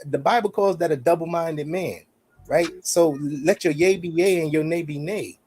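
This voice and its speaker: A man's voice: on the high side, normal speed, darkish tone, slightly rough. A man co-hosting a podcast, arguing his side in a heated casual debate and repeating his points with emphasis. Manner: emphatic, repeats "you see what I'm saying". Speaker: podcast co-host.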